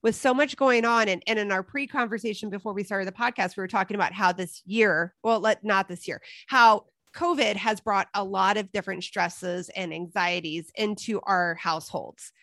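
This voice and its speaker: A woman's voice: medium pitch, normal speed, hardly any pauses, fairly bright tone, dry recording. A woman co-hosts a podcast and talks things through in a thoughtful way. Her mid-range voice sounds dry and close to the mic. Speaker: podcast co-host. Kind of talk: casual interview chat.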